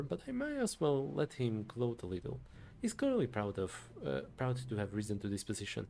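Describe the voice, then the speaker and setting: A man streaming a story game, softly thinking aloud to himself as he plays. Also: medium pitch, huge pitch swings, normal speed, gravelly. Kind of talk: quiet game commentary.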